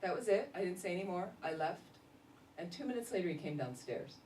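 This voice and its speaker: A woman, a Buddhist nun, giving a casual dharma talk full of lively stories and laughter. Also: on the low side, brisk. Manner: animated storytelling, laughing often. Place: meditation center hall. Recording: roomy echo, distant mic, faint noise.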